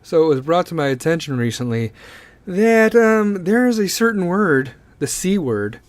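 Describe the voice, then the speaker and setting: A man's voice: high voice, big pitch swings, normal speed, dry recording. A man hosting a casual solo podcast, talking bluntly and swearing a lot as he gives his opinions. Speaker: podcast host.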